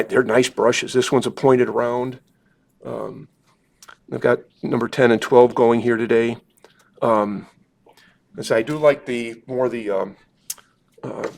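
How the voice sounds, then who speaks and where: In a club meeting room, a man gives a live watercolor demonstration in a mid-range voice with vocal fry. He chats in a rambling, self-deprecating way, full of fillers, while answering questions from the group.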